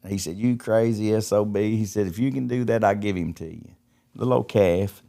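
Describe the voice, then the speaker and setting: Middle-aged man, podcast guest, deep low voice, rambling folksy storyteller. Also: normal speed, gravelly, warm tone. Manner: folksy, repeats words as he tells stories. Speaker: podcast guest, recovery ministry founder. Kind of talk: casual testimony storytelling.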